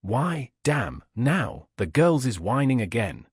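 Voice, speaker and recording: A man's voice: mid-range voice, big pitch swings, takes it slowly, slightly rough, dry recording, studio quality, full character voice. A man voicing a brutal, surly male housebreaker who growls his words, in an audiobook reading. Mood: gruff. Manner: growling, savage.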